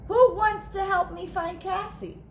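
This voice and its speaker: A woman's voice: extremely high pitch, fairly even intonation, unhurried, a little hiss or hum, voice pushed up. A woman voicing a playful, mischievous young male dog in a storybook read-aloud, talking in a cheeky, eager way. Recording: echoey room.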